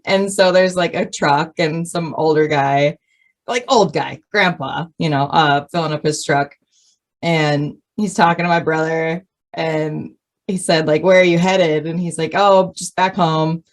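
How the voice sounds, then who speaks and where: A woman's voice: sits low, fairly even intonation, a little slow. A woman from Minnesota, a podcast guest, telling stories in casual chat and laughing often.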